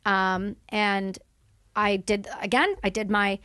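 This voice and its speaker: A woman's voice: medium pitch, steady tone, takes it slowly, pushed and bright, smooth, no echo. A woman in her thirties from Canada, a podcast guest telling her story in candid, emphatic conversation. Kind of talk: casual conversation.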